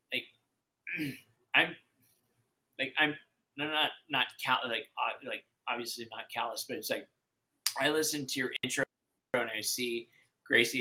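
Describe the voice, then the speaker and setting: A man speaking as an interview guest, rambling and halting with many fillers and restarts. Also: mid-range voice, sharp tone, rough recording. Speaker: podcast guest. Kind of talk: emotional conversational interview.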